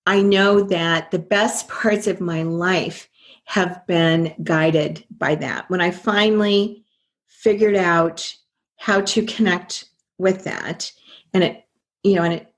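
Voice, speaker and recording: An older woman, a guest in an interview, telling her story earnestly and quoting her own past thoughts. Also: medium pitch.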